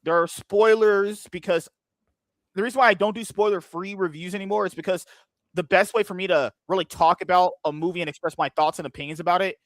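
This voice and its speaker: A man's voice: sits high, steady tone, brisk, no room sound. A man hosting a podcast in casual crude banter, joking and rambling. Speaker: podcast host.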